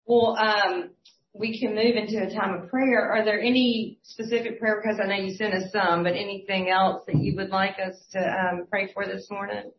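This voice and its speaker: A woman hosting a Christian talk show, speaking in a gentle, affirming way with some fillers. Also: medium pitch, fairly even intonation, moderate pace. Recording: roomy, dull lo-fi recording.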